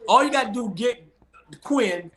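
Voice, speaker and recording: Man in a sports debate, high bright voice, lively pitch, emphatic, repeats himself, video call audio. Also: unhurried. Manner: emphatic, repeats his points. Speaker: sports talk co-host.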